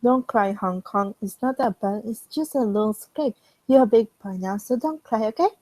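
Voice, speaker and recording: A shrill, weepy male anime character, put on by a woman in a fan reading, who pleads loudly with a voice pushed well above her own. The dry, close sound keeps every cry up front. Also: normal speed, no room sound, lightly acted, poor audio. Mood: soothing.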